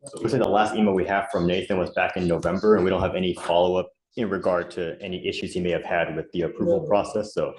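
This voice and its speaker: A man's voice: sits low, steady tone, fast talker, few pauses, darkish tone, reverberant, slight background noise. A man working as a prosecutor, giving formal, deferential case updates to a judge in court.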